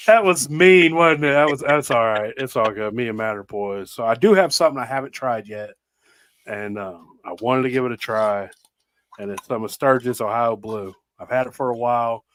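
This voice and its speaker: A man's voice: mid-range voice, moderate pace, fairly bright tone. Laid-back man telling stories. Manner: laid-back, rambling storyteller, laughs often. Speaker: podcast host. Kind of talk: casual chat.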